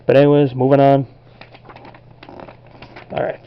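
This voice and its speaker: A young man talks casually to his camera, relaxed and rambling, often stumbling over names. His voice sits at an ordinary middle pitch. The sound is dull and lo-fi, like home camera audio. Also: moderate pace, clear, resonant tone. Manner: relaxed and rambling, unsure of name pronunciations. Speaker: collectibles vlogger.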